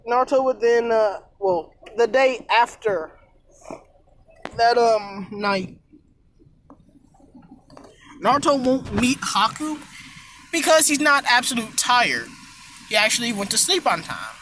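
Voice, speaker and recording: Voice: medium pitch, expressive, slow pace, pauses often, a bit bright, a little hiss or hum, low-quality recording. A fan storyteller telling an improvised what-if tale in a rambling, self-correcting way, with some casual swearing.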